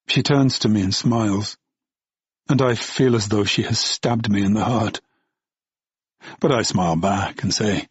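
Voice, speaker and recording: A man's voice: lowish voice, unhurried, long pauses, breathy edge, no room sound, highs cut off. A man narrating an audiobook in the first person, in a brooding, bitter tone.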